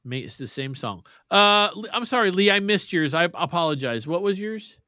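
A man's voice: high voice, lively intonation, moderate pace, pushed and bright, dry recording, studio quality. A man co-hosting a casual chat, joking and self-deprecating, laughing often. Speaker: podcast co-host.

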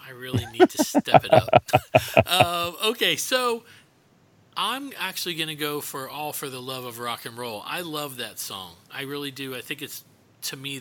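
A man's voice: medium pitch, bright, forceful tone, a little hiss or hum. A man hosting a podcast in casual, joking banter, teasing his co-hosts. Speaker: podcast host.

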